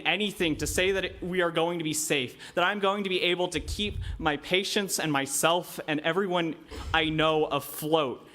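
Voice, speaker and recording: Young guy pleading at city council, bright tense voice, gets really emotional. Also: sits high, normal speed. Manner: earnest, impassioned, voice rising with emotion. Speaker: public commenter, medical student. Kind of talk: public comment speech.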